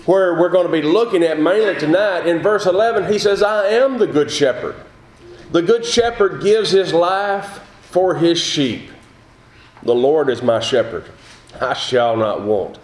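A man preaching an evening sermon as pastor, earnest and measured, slowing down to read scripture. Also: high voice, roomy sound, low-quality recording.

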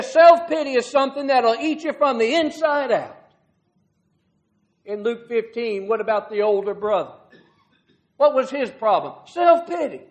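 High-voiced man preaching a sermon. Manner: earnest, folksy preaching with rhetorical questions.

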